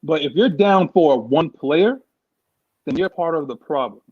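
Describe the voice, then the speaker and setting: A man's voice: a little high, expressive, measured pace, breathy edge, no room sound, muffled recording. A man from New York, co-hosting a sports show, talking in a heated, emphatic way and often repeating himself. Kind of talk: heated casual sports talk.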